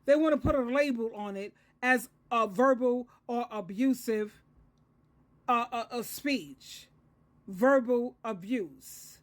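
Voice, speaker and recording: Woman, 60s, high-pitched, advice coach, solo monologue, earnest lecturing tone, repeats herself for emphasis. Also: takes it slowly. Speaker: advice coach and Christian counselor.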